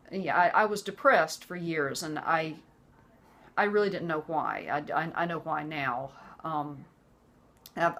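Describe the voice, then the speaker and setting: A woman in her forties with a lowish voice tells her personal story straight to the camera. She speaks earnestly and haltingly, often stopping to restart a sentence. The delivery is an unscripted personal testimony. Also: a bit bright. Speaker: vlogger.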